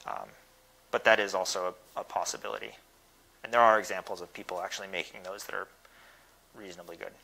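Man, fairly low voice, bright tone, technical Q&A answers, faint noise. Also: fairly even intonation, quick pace, gravelly, long pauses, low-quality recording. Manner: thoughtful, technical, hesitant with fillers. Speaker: guest speaker answering questions. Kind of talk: academic Q&A.

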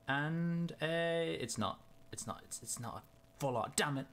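Excitable young man with lively pitch. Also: measured pace. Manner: excitable, chatty, muttering to himself. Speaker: YouTuber. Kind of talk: casual card-opening vlog.

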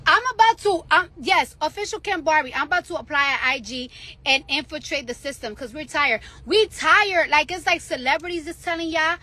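Bright high-voiced woman ranting hotly. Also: moderate pace. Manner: profane, repetitive, heated. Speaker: rapper ranting on social media. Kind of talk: angry rant in a clip.

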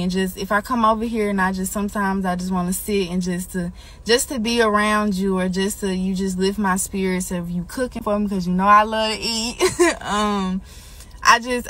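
A woman records a casual tribute, teasing and laughing, then quieter as her feelings come through. Her talk is relaxed and loose. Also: mid-range voice. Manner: warm, joking, gets emotional and soft. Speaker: church member giving a tribute. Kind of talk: casual heartfelt video message.

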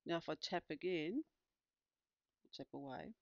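An instructor calmly explaining a tablet feature step by step, with small fillers along the way. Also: medium pitch, measured pace, no echo, highs cut off. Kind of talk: screen-recorded tutorial demonstration.

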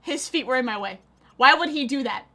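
Casting: high, lively female streamer, chatty and excitable, laughs a lot. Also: a little fast, slight background noise. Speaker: gaming streamer. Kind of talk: casual live gameplay commentary.

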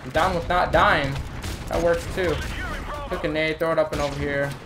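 A frustrated man rants and swears through his gameplay commentary. Clear gunfire and explosions from the game sit behind his voice. He talks like someone who is easily riled up. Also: on the high side, steady tone, normal speed, noisy background. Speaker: gamer and channel host. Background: shooter game gunfire and explosions.

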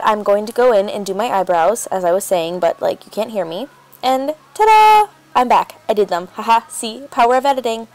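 A woman's voice: mid-range voice, a little mellow. Chatty woman vlogger rambling through makeup. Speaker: beauty vlogger. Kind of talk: makeup tutorial narration.

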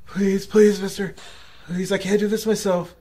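A man's voice: high voice, flat delivery, moderate pace, warm tone, natural voice. A man voicing a young woman in painful labor, panicked and pleading in breathless cries.

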